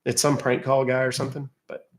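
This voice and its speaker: His medium-pitched voice is flat and a little fast as he answers live chat questions. He's about fifty and hosts a casual livestream, keeping things wry and chatty.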